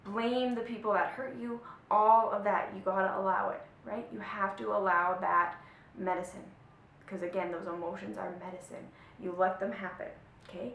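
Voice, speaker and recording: A woman coach gives a motivational talk, pressing each point hard and checking in with her listeners as she goes. Her mid-pitched voice rings in an echoey room. A faint low rumble sits under the recording. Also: a bit bright. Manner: emphatic, often checks in with "right?" and "okay?". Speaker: spiritual life coach. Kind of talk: motivational teaching to camera.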